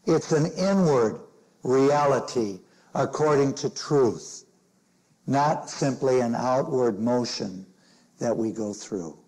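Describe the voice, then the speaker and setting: A man in his sixties, a minister from Chicago, preaching a sermon slowly and deliberately, leaning hard on key phrases. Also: medium pitch, expressive, darkish tone, low-quality recording. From Chicago, Illinois. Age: 60s. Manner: slow, deliberate preaching with emphatic stressed phrases.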